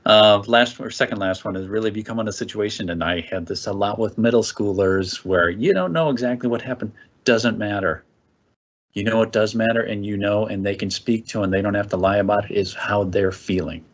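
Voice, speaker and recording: A man's voice: lowish voice, a little fast, highs cut off. A man training parents in a casual presentation, talking conversationally and often checking in with "okay?".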